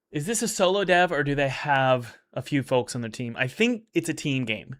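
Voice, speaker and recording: A man's voice: mid-range voice, lively intonation, a little fast, hardly any pauses, a bit bright. Rambling man reviewing games on stream. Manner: rambling and upbeat, with many restarts. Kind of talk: casual livestream commentary.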